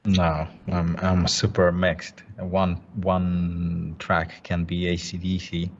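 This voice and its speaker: Deep gravelly male guest on dull audio. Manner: relaxed, halting, short phrases. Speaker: podcast guest, 3D artist. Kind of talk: casual interview chat.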